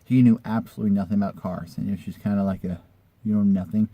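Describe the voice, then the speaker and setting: A man's voice: on the low side, fairly even intonation, fast, dry recording, muffled recording. A man in a casual vlog, telling a personal story in a rambling, conversational way with the odd swear word.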